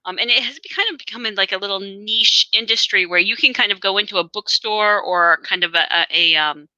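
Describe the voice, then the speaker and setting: Bright-voiced female podcast co-host. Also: medium pitch, brisk, dry recording, poor audio. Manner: explaining with many fillers. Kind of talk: casual podcast chat.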